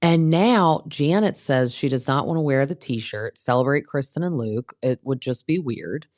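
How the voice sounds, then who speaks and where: A woman's voice: extremely low pitch, animated, normal speed, darkish tone, dry recording, studio quality. A woman hosting a podcast, recapping a reality show in a chatty, gossipy way, full of "like" and "um". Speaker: podcast host. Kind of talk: casual recap commentary.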